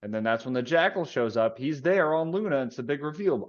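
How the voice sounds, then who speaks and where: A man's voice: mid-range voice, animated, brisk. A man co-hosting a podcast, chatting casually about a book, laid-back, laughing and swearing freely. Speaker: podcast co-host. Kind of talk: casual book discussion chat. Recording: dull lo-fi recording.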